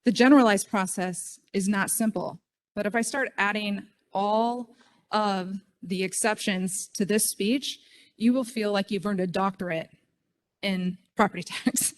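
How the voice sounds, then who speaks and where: A woman's voice: medium pitch, unhurried. A middle-aged woman giving a chatty, self-deprecating speech at a conference podium. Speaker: state official speaking at a conference.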